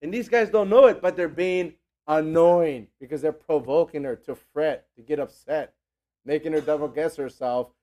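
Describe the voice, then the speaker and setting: A man preaching a sermon in an animated, conversational way, acting out the people he quotes. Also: a little high, normal speed, muffled recording.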